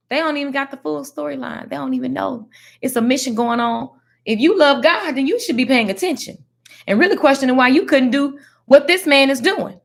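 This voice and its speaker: Woman, fairly high pitch, casual Bible teaching, slangy and animated. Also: fairly quick, creaky. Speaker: faith teacher.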